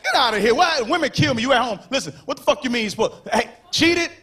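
A man doing a stand-up comedy set on a stage, loud and animated, shouting punchlines and acting out characters. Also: very high voice, fast talker. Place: comedy stage before a live audience. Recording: live show with crowd noise. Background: audience laughter.

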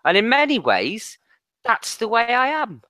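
A man's voice: very high-pitched, wildly swooping pitch, measured pace, sharp tone, no room sound. A man co-hosting a late-night football podcast, blunt and sweary, often restarting his sentences. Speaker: podcast co-host. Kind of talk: casual late-night chat.

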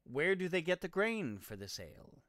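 A man's voice: fairly high pitch, big pitch swings, normal speed, a bit bright, dry recording, clean studio sound. A male host giving rambling, sarcastic let's-play commentary, swearing casually.

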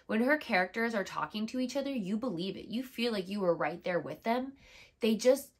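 A woman's voice: mid-range voice, expressive, fairly quick. Young woman, sick but upbeat, gushing book-vlog chat and reading blurbs. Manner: enthusiastic, gushing. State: sick, under the weather. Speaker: book vlogger.

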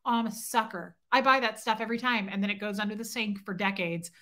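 A livestream host speaks fast into her phone in a medium-pitched voice with a steady yet sharp tone. She chats casually with viewers, reads their comments aloud, and is both teasing and self-deprecating.

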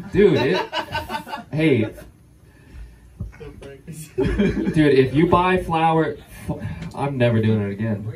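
A man's voice: a little high, expressive, takes it slowly, long pauses, darkish tone. A man doing a loose stand-up set, swearing and laughing through his lines in front of a live crowd. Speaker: stand-up comedian. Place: comedy venue with live audience. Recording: distant mic with crowd noise.

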